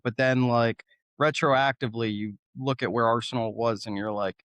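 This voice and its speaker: A man's voice: mid-range voice, fairly even intonation, moderate pace, fairly bright tone, no room sound. A man co-hosting a podcast, arguing his point in casual football talk and repeating words as he starts. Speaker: podcast co-host.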